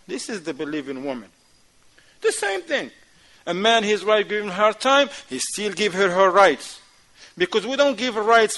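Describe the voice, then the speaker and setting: A man teaching a class at a mosque, animated, acting out little dialogues in casual non-standard English. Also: high-pitched, moderate pace, low-quality recording. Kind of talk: lecture class.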